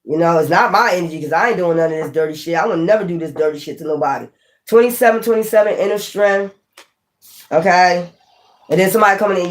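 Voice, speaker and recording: Rough-talking Philly woman tarot reader. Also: lowish voice, fast. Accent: Philadelphia. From North Philadelphia. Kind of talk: casual livestream chat.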